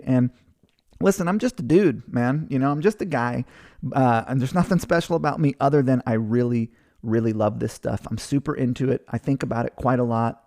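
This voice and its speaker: Brief: male presenter, 30s, mid-pitched, loose and conversational, lots of ums. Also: mellow. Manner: chatty and informal, many fillers. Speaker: presenter of a marketing training. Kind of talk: casual webinar presentation.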